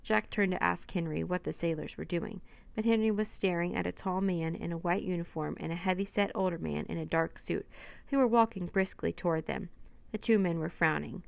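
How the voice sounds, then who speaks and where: A woman with a gravelly, fairly low voice reads a children's chapter book aloud. Her narration is steady and even. The sound is close and dry. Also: a little fast, no echo. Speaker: storyteller.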